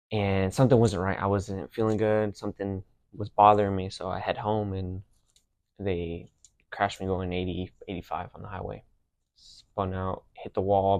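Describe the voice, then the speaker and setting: A man's voice: low voice, no room sound. A young man hosting a podcast, telling personal stories in a casual, slangy way. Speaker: podcast host.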